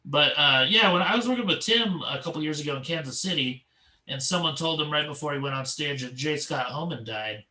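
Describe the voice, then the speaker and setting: A man with a bright, fairly high voice hosts a podcast in an easygoing way. He chats casually and reacts to his guest. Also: lively intonation, fairly quick, echoey room, recorded from a distance, low-quality recording. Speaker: podcast host. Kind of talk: casual chat.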